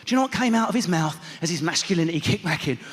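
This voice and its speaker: A man telling a stand-up comedy story, animated and building to shouted punchlines. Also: fairly high pitch, racing. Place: large theatre stage. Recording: reverberant theatre hall with loud audience.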